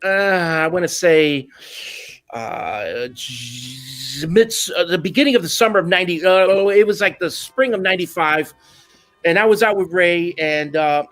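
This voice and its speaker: A man telling stories in a casual interview, animated and laughing, dropping in Spanish phrases. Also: a little high, measured pace, faint music behind. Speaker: guest musician.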